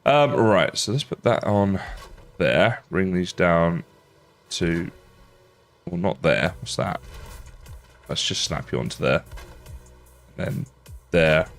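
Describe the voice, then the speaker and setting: Playing a game on a livestream, a man from England with a faint Australian touch to his accent rambles and chats casually with viewers in a low-pitched voice.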